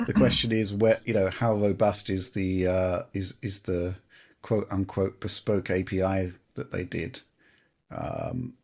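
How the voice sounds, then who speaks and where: A low, gravelly male voice with a husky edge hosts a relaxed panel chat. He hesitates often and restarts his sentences. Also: unhurried. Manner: hesitant, many ums and restarts. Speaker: host.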